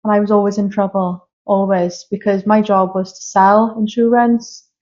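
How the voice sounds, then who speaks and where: A woman's voice: mid-range voice, level tone, moderate pace, a little mellow. A woman in her thirties, a guest medium, telling candid and emotional personal stories in a casual interview. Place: castle room, filmed live. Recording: slightly dull lo-fi sound.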